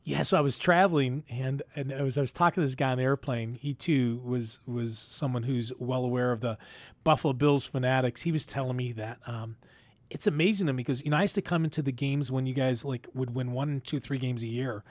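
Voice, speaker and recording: A man's voice: mid-range voice, brisk, no echo. A man hosting a Christian call-in radio show in a chatty, upbeat way, with loose fillers and joking asides. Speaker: radio host.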